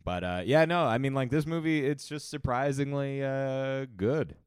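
A man's voice: mid-range voice, normal speed, clear, resonant tone, no echo. Young guy on a podcast riffing about a movie, lots of likes and uhs, dry close sound. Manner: joking, laughs often, filler-heavy. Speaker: podcast co-host. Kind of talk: casual movie review chat.

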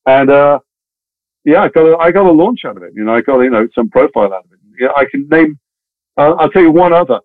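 Fast-talking man on a tinny line. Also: on the high side, animated, dry recording. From England. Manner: chatty, many restarts and wry asides. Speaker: guest actor. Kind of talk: anecdotal interview storytelling. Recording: tinny phone-like dry sound.

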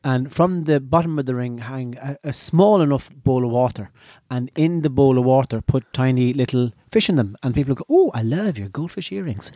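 Irish man spinning deadpan tall tales. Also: medium pitch, moderate pace, hardly any pauses, no room sound. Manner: rambling, deadpan exaggeration. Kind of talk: casual comic storytelling.

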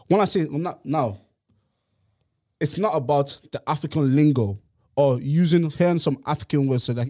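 A man's voice: medium pitch, warm tone. A man from Ireland arguing insistently in a casual podcast debate, often talking over the others.

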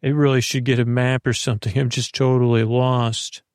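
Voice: mid-range voice, little pitch movement, normal speed, darkish tone, no room sound, studio quality, close to an everyday voice. An actor playing a dreamy, scatterbrained fairy herbalist who rambles and stammers in an audio drama. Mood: rambling.

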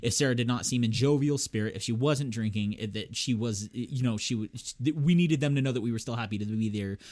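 A man's voice: mid-range voice, fast, darkish tone. A man in casual chat, rambling through a story about his partner's pregnancy, laughing often and doing his friends' voices. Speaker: expecting father telling a story.

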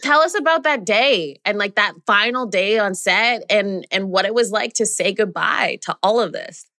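A woman's voice: mid-range voice, normal speed, sharp tone, no echo, clean studio sound. A woman co-hosting a podcast, asking a guest questions in an eager, conversational way. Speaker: podcast co-host. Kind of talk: casual podcast chat.

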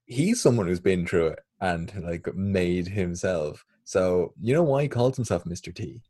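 A man's voice: low-pitched, lively intonation, unhurried, mellow, no echo, clean studio sound. A man co-hosting a podcast, chatting casually in a rambling, laid-back way. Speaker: podcast co-host. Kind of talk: casual chat.

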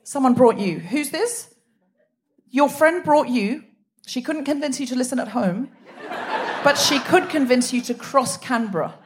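A woman's voice: high voice, expressive, measured pace. A woman raised in Australia hosting a live comedy podcast on a theatre stage, teasing and bantering with the crowd. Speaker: host. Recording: live theatre recording with audience noise.

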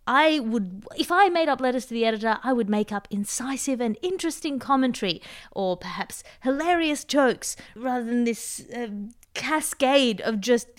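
A woman hosting a comedic news podcast, quick-witted and laughing often. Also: a little high, lively intonation. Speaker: podcast host.

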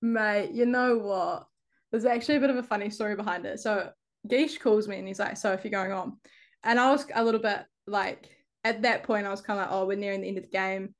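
A woman's voice: mid-range voice, steady tone, fairly quick. A young woman with a New Zealand accent, a football player talking casually as a guest, laughing often and filling her talk with "like". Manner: laughs often, heavy use of "like". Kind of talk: casual interview chat.

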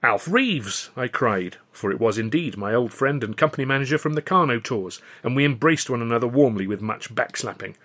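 A man narrating his own serialized novel in the first person, wry and measured. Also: mid-range voice, fairly bright tone. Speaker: author and reader of a serialized novel.

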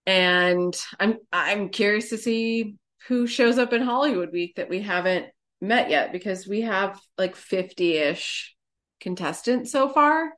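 A woman's voice: medium pitch, unhurried, fairly bright tone. A woman co-hosting a podcast in easygoing, upbeat casual chat. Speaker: podcast co-host.

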